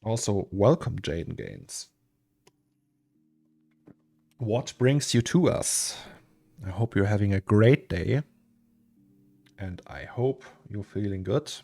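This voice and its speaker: A man's voice: on the low side, lively intonation, slow, vocal fry, darkish tone. A young man, casually chatting to viewers and musing aloud to himself as he streams his 3D work from a home office. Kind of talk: casual live-stream chat while working. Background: faint lo-fi music.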